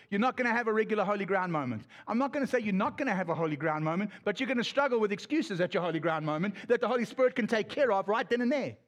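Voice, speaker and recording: A middle-aged South African pastor, a man with a high, expressive voice, preaches a sermon with fast, impassioned delivery, tossing quick asides to the congregation.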